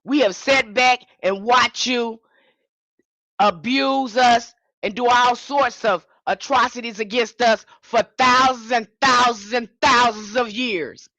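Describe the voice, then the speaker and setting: A woman's voice: fairly high pitch, steady tone, slow pace, pushed and bright, no room sound. A woman giving an impassioned livestream sermon as a spiritual teacher, speaking in a fiery, confrontational way and repeating her points.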